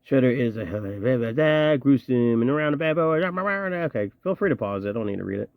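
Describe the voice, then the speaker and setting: A man's voice: medium pitch, animated, a little fast, no room sound, narrow, tinny audio. A man casually reviewing action figures from his collection, chatty and slangy, with joking asides. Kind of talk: casual show-and-tell review.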